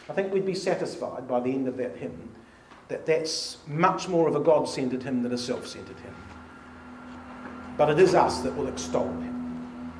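A man's voice: medium pitch, lively intonation, normal speed, darkish tone. A man leading a church study meeting, reading hymn and psalm lines aloud with emphasis. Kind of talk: informal Bible study talk. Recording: echoey room with faint hiss.

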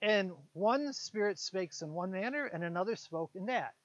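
A man preaching a conversational sermon, retelling a Bible story with quick voiced asides for its characters. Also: high voice, animated, fairly bright tone. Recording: dull, lo-fi sound.

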